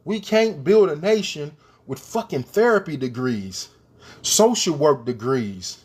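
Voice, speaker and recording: Guy ranting at his viewers, lively voice swinging all over, keeps repeating his questions. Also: on the high side, a little slow, slightly rough. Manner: emphatic, repeats rhetorical questions; addresses the viewers directly. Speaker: commentator. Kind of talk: opinion rant to camera.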